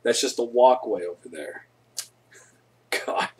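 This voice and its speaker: Laid-back, profane husky-voiced man. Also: medium pitch, lively intonation, unhurried. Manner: laid-back, profane, loud when acting out stories. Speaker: live-stream host. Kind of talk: casual live-stream storytelling.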